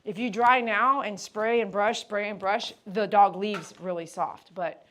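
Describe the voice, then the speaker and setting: A woman groomer chatting on a livestream from her grooming shop, rambling through explanations and switching to high sing-song praise for a dog. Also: steady tone, unhurried, fairly bright tone. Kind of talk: casual livestream chat.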